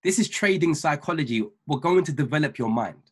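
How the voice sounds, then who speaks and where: A man with a husky, slightly breathy voice preaches over a video call. He speaks emphatically as a minister and mentor, repeating key lines slowly so listeners can take notes. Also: a little high, lively intonation. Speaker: ordained minister and trading mentor. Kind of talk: motivational talk on a weekly call.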